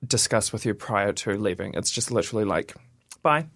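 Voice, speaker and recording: A man, co-hosting a casual radio chat and reading quiz items aloud in a steady list. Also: lowish voice, brisk, no room sound, clean studio sound. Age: 20s. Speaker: radio co-host. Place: radio studio.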